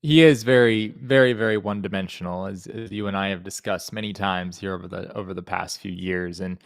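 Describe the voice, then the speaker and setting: A man guests on a sports podcast with a fairly low voice. He works through his points in a measured, analytical way, filling the gaps with "uh." The recording is dry and close. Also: fairly even intonation, creaky, dry recording. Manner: measured, analytical, many filler "uh"s.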